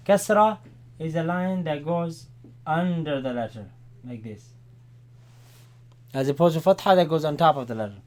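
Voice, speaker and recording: A man teaching a Quran class, explaining vowels step by step and checking in with his students. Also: a little high. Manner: repeats Arabic words slowly and loudly, checks in with "right?". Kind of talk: classroom Arabic lesson.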